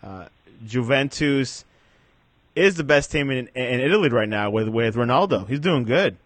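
A man's voice: mid-range voice, animated, normal speed, no room sound. A man hosting a casual football chat, asking questions and reacting with surprise. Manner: asks questions, easily surprised.

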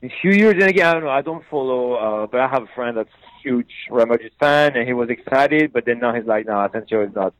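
A man's voice: mid-range voice, fast, no echo, low-quality recording. A man chatting casually about football, hesitant, with many fillers and restarts. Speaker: football pundit. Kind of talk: casual sports chat.

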